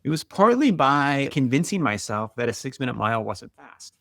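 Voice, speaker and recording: A middle-aged man, a guest author and marathoner, telling stories in a quick, animated, conversational way, full of "like" and "right?". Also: medium pitch, vocal fry, no echo, clean studio sound. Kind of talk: conversational storytelling.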